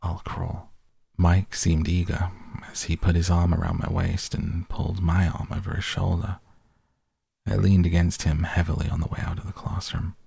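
A man reading an audiobook in a measured, steady way. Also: deep voice, creaky, breathy edge, dry recording. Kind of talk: audiobook narration.

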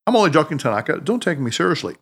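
A man's voice: fairly high pitch, sing-song, racing, breathy edge, heavily acted. A man reading a doubtful, defensive skeptic. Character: skeptical adult male doctor. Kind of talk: audiobook character reading.

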